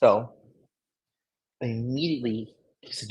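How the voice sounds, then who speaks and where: A man's voice: mid-range voice, unhurried, long pauses, poor audio. A man telling a story casually, boastful and full of swearing, recorded in a private hospital room. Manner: profane, boastful, heavy swearing. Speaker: dating coach vlogger.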